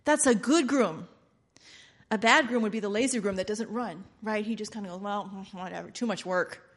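A woman preaching a sermon in an animated way, laughing often and acting out quoted lines. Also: medium pitch, a little fast.

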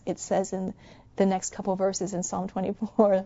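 Mellow woman preaching, soft to fervent. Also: mid-range voice, monotone, moderate pace, muffled recording. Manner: soft and musing, swelling to fervent exhortation. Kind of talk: sermon.

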